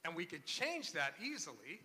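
Bright-voiced man preaching in a reverberant hall. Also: fairly high pitch, wildly swooping pitch, moderate pace. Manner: conversational preaching with repeated restarts. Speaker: pastor. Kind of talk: sermon.

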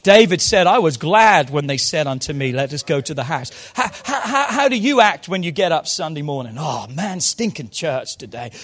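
A man preaching a sermon in a church service, moving fervently from quiet low asides to loud shouted calls. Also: very animated, fairly quick, few pauses. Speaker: pastor.

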